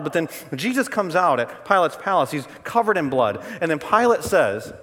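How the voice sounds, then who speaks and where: Male pastor preaching in a reverberant hall. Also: on the high side. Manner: dramatic storytelling, shifts between loud bursts and hushed tones. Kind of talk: sermon.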